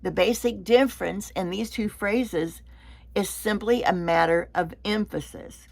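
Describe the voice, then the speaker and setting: A woman leading a Bible study lesson, explaining slowly and deliberately and sometimes repeating a word as she goes. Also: mid-range voice, creaky.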